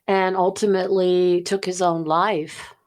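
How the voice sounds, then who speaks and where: A woman interviewing a guest, gentle and encouraging with soft affirmations. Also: fairly low pitch, level tone, unhurried.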